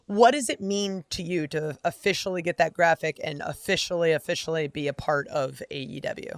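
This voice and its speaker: Effusive male podcast host, raised pitch. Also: a little fast, smooth, no echo, clean studio sound. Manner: effusive, complimentary. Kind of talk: casual interview.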